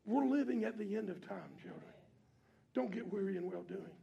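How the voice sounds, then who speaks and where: A preacher man with a very high voice and a gravelly edge, talking in a loose, everyday way. He reads scripture low, then climbs into shouted preaching as the congregation answers back in church. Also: normal speed, muffled recording. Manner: colloquial preaching with call-and-response. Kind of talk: sermon.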